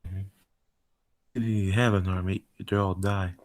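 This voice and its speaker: A young man in a casual chat, chiming in with short, loud comments. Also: sits low, level tone, takes it slowly, dry recording.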